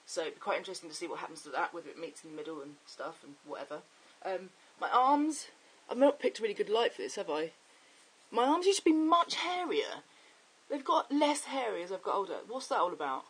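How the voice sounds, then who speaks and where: A young man chatting excitably and rambling in a casual video diary. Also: high voice, quick pace, breathy edge, low-quality recording. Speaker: vlogger.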